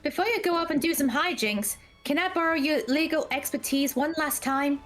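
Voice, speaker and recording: A woman's voice: high-pitched, normal speed, fairly bright tone, faint music behind. A woman playing a tabletop game on a live stream, bubbly and teasing, swearing freely. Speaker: player. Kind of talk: casual role-play on a live stream.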